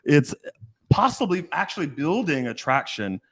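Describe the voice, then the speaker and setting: A man's voice: fairly high pitch, very animated, normal speed, husky. A middle-aged man, a dating coach, talking in a blunt, profane casual chat and acting out the people he quotes.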